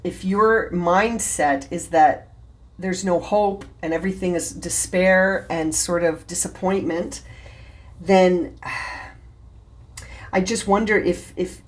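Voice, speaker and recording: A woman's voice: on the low side, fairly even intonation, slow pace. A woman giving a tarot reading, talking straight to the viewer in an earnest, encouraging way and thinking aloud with a few restarts. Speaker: tarot reader.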